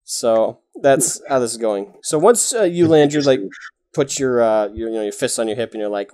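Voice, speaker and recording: Animated man running a tabletop game. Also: mid-range voice, moderate pace. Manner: casual, rambling with many fillers. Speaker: game master.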